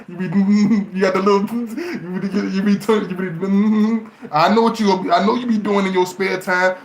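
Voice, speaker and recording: Brief: gravelly man, preachy and teasing vlog rant, somewhat high voice, roomy echo. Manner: animated, preachy, mocking, laughs often. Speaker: relationship advice vlogger. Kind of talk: casual monologue to camera.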